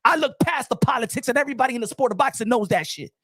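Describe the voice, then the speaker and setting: A man hosting a boxing channel's live stream, ranting in a loud, heated voice and repeating lines for emphasis in profane street slang. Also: very high-pitched, expressive, racing, dry recording, clean studio sound.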